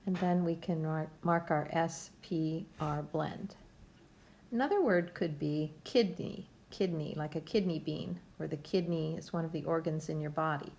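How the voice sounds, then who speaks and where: A woman's voice: lowish voice, creaky, warm tone, a little hiss or hum. A woman teacher giving a patient, step-by-step phonics lesson to young students from home. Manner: slow, patient, step-by-step instruction.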